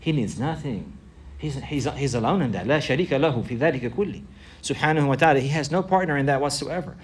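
Male religious teacher, rapid delivery, repeats phrases for emphasis, quick Arabic recitation. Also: medium pitch, expressive. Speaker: Islamic teacher. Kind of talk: religious lesson.

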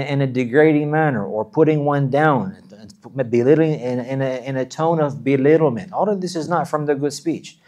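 A man's voice: mid-range voice, darkish tone. A man preaching a sermon, earnest and repetitive, often restating phrases for emphasis. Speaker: Islamic preacher.

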